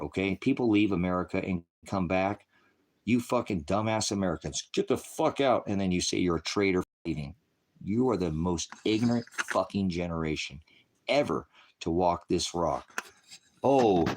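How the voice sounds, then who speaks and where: A man ranting angrily on a live stream, swearing heavily and preaching to his viewers as brothers and sisters. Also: sits low. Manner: profane, heated, scolding. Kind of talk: angry live-stream rant.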